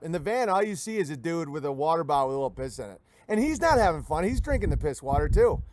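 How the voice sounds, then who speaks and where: Guy with a high voice riffing on his livestream, rambly and mocking, dry close sound. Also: no echo. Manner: animated, rambling, mocking, breaks into laughs. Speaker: livestream host. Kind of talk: livestream commentary, reading viewer messages.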